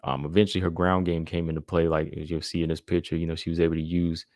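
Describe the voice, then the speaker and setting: A man's voice: sits low, flat delivery, fast talker, a little mellow, no room sound, clean studio sound. A man hosting a podcast, giving a laid-back casual recap of fights and often filling his talk with "man" and "you know". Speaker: podcast host.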